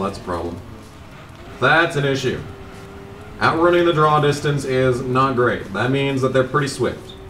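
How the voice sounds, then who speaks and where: A man's voice: medium pitch, a bit bright, echoey room, distant mic, a little hiss or hum. A young man commentating on a racing game as he plays, rambling casually and cursing at the game in frustration. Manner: grumbling, profane, laid-back rambling. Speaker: gameplay commentator.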